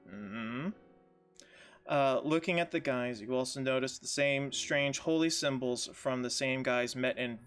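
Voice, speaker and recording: A man's voice: mid-range voice, fairly bright tone. A man playing a tabletop game over voice chat, joking and laughing, and reading notes aloud to the party. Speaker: player.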